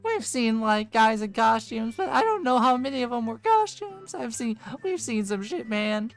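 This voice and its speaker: A woman's voice: a little high, big pitch swings, moderate pace, soft background music. Woman doing a drawling stoner dude. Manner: drawling, ends lines with "man". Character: laid-back stoner young man, jittery. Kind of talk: tabletop role-play voice.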